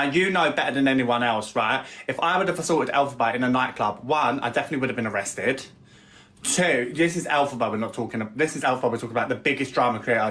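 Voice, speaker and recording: A woman, chatting casually and telling a heated story fast and animatedly, sometimes shouting impressions of other people. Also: extremely low pitch. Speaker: online creator telling a story. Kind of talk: casual gossip chat.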